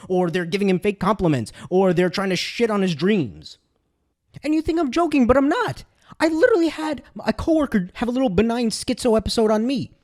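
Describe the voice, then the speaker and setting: A man's voice: high voice, darkish tone. A young man giving a sarcastic, ranting commentary in a casual tone, mimicking other people as he tells a story. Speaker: commentary video host.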